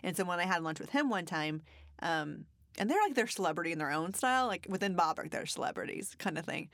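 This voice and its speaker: A woman's voice: on the low side, lively intonation, fast, a bit bright, no echo, studio quality. A woman co-hosting a podcast, telling a long story in a chatty, laughing way. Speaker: podcast co-host. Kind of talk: casual chat.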